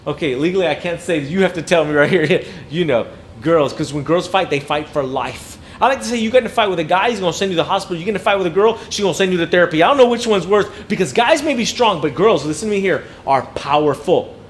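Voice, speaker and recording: Animated high-voiced male motivational speaker. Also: fast talker, a little hiss or hum. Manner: animated, acts out students' voices. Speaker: inspirational speaker. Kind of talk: motivational talk to teachers.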